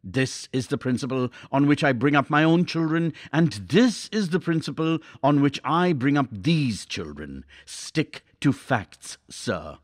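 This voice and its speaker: A man's voice: medium pitch, very animated, unhurried, hardly any pauses, no room sound. A man voicing a stern, dictatorial Victorian schoolmaster who lives by facts, speaking in an inflexible, dry, emphatic way.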